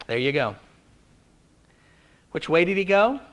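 A man's voice: on the high side, sing-song, measured pace, a bit bright. A male pastor preaching a conversational, playful sermon to a live congregation, quizzing them as he goes. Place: church before a live congregation.

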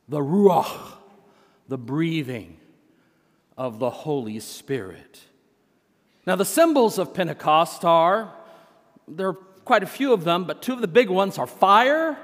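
A male senior pastor preaching a sermon. He opens with a humorous story, told in a deliberate way. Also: high-pitched, a bit bright. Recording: long church hall reverb.

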